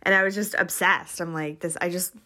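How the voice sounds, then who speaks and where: A woman's voice: lowish voice, steady tone, fairly quick, pushed and bright. A woman on a podcast telling a personal story in a chatty, rambling way, full of "like"s. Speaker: podcast guest. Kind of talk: casual storytelling.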